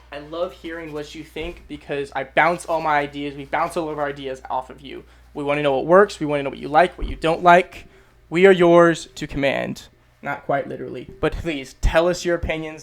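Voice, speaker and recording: A young American man explaining English words in a casual vlog, emphatic and repetitive, swearing freely. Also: a little high. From United States. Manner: emphatic, swears freely, repeats phrases for stress. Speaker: YouTube English teacher.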